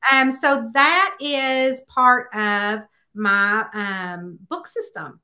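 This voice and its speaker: A middle-aged woman author chatting casually, telling stories and acting out the people in them with lively quoted voices. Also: drawn-out words. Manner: animated storyteller, acts out quotes in a high voice. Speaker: mystery author, host. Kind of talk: casual chat.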